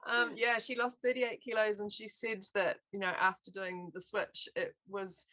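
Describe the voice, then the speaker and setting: A woman's voice: medium pitch, flat delivery, moderate pace, dry recording, low-quality recording. A woman co-host and therapist in a casual interview, affirming her guest and asking questions. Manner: warm affirming, frequent "mm".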